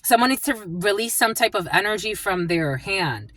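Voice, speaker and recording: A woman doing a channeled psychic reading, speaking in halting bursts and repeating single words as they come to her. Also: mid-range voice, expressive, fairly bright tone, no room sound. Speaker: psychic reader.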